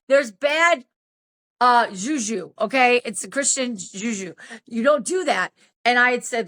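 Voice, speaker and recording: Bright-voiced woman in her fifties. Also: a little high, measured pace. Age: 50s. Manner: animated, acts out quoted dialogue. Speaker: podcast host. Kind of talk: casual storytelling chat.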